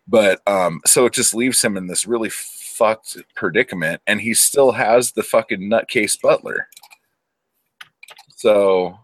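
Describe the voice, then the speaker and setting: A man with a very low voice talks through a movie plot in a loose, rambling way, peppering it with swearing and quick impressions of the characters. The sound is dry and close. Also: no echo. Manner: rambling, profane, acts out characters in quotes. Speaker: podcast co-host. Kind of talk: casual movie recap chat.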